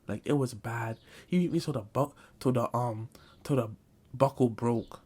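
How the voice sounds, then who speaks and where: A man's voice: mid-range voice, moderate pace, darkish tone, husky. A man telling a comic storytime, talking loosely in slang and saying bro a lot. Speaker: vlogger. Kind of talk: comedic storytime.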